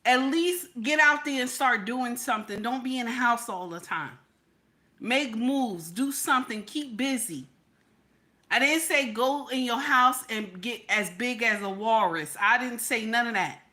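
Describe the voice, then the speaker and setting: Married lady ranting on her channel, high pitched, bright, cusses a lot. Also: a little slow. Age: adult, married. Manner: blunt, profane and animated. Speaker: channel host. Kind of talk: casual commentary to viewers.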